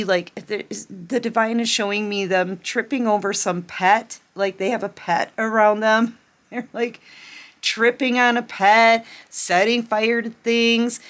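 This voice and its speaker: A woman's voice: mid-range voice, fairly bright tone. A woman doing a casual tarot reading at home at night, chatty and often laughing, with many fillers. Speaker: tarot reader.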